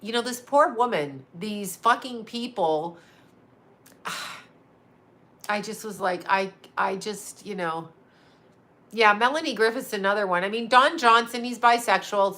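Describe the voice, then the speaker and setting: A woman's voice: mid-range voice, sharp tone. A middle-aged woman, a psychic medium, talking in a loose, rambling way, swearing often and repeating herself for emphasis. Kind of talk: casual rambling monologue.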